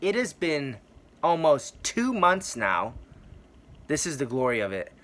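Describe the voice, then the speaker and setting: A man's voice: on the high side, very animated, a little slow, a bit bright. A man giving an earnest, rambling personal testimony about his faith, repeating phrases for emphasis. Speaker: Christian testimony vlogger.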